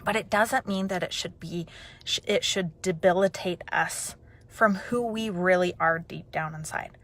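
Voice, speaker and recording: A woman telling a personal story in a chatty, animated way, then turning it into an encouraging message. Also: lowish voice, a little slow. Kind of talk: personal storytelling and motivational talk.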